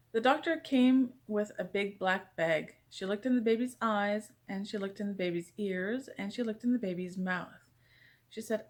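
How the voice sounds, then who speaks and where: A woman reading a children's picture book aloud, gentle and expressive in bedtime style. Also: mid-range voice, moderate pace. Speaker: storyteller.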